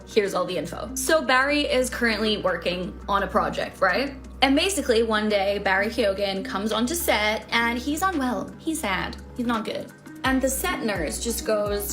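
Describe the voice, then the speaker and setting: A woman talks casually in a chatty, conspiratorial way, like she is letting you in on a secret. Music plays clearly behind her voice. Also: medium pitch, animated, moderate pace, a bit bright. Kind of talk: casual chat.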